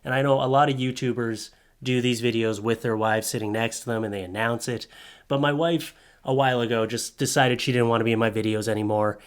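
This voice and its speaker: A man in his thirties, a YouTuber, talking casually to camera in a vlog, excited and joking, rushing through his words. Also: mid-range voice, smooth. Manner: excited, joking, talks fast.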